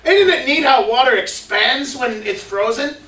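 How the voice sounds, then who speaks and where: A man's voice: very high-pitched, lively intonation, normal speed, pushed and bright. A man performing a comedic science skit for children, playfully asking the kids questions and cheering their answers. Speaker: children's ministry presenter. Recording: echoey room, mic far off, faint noise.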